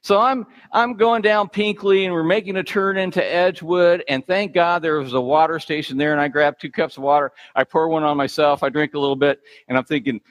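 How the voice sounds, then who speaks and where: A middle-aged male pastor preaching in a slightly high voice. He tells his story in an animated, self-deprecating way. His voice rings with the long reverb of a large hall. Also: fairly quick, hardly any pauses. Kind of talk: sermon.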